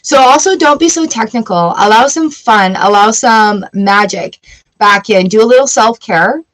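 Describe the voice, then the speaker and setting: A woman's voice: a little high, animated, normal speed, fairly bright tone, poor audio. A middle-aged woman hosting a casual live tarot reading, chatty and given to giggling as she talks to viewers. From Canada. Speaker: tarot reader livestream host.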